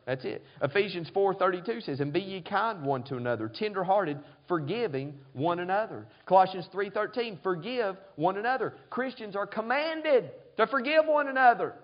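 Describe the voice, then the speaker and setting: A high-pitched man preaching a sermon as pastor, pressing his points and calling out to the congregation for an amen. The sound is dull and lo-fi, like an older church recording. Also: lively intonation, normal speed, few pauses. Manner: preaching, frequent call-and-response "amen?".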